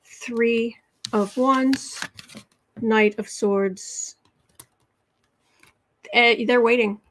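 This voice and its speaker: Woman, livestream tarot host, casual and chatty, slightly high-pitched. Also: steady tone, very slow, a little hiss or hum, low-quality recording. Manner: chatty, reads viewer comments aloud, frequent laughs and restarts.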